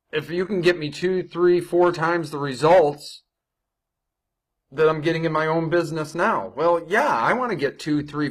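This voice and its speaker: A young adult man working as an online marketing coach gives a casual screen-share tutorial on ad copy, speaking conversationally, often adding "right?" and restarting sentences. His voice is a little high with a fairly bright tone.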